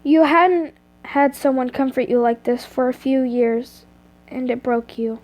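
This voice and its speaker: A woman's voice: sits high, unhurried, darkish tone. A woman reading a fan story aloud, often stumbling and correcting herself. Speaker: reader of fan fiction.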